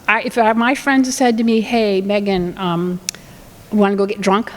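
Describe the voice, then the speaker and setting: A woman's voice: medium pitch, steady tone, moderate pace, big-room sound, rough recording. A woman giving a talk on family communication in a conversational way, acting out what parents and children say. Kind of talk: presentation with acted examples.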